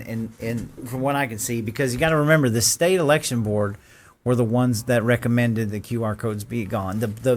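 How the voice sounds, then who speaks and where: Male host, sarcastic casual commentary with frequent amused laughs. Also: medium pitch. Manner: sarcastic, laughs while reading quotes aloud.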